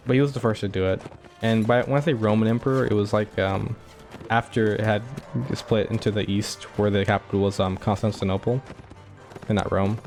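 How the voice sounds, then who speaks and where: A gameplay commentator talks over his own playthrough in a lowish, slightly mellow voice with fairly even intonation and a quick pace, soft music playing behind him. His casual commentary rambles, leaning heavily on "like" and tossing in chuckling asides.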